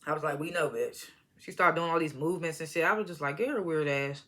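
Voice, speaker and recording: A woman with a low, slightly bright voice recaps a reality show episode quickly, with few pauses. Her storytelling is loose and slangy, full of laughter and acted-out quotes from the cast.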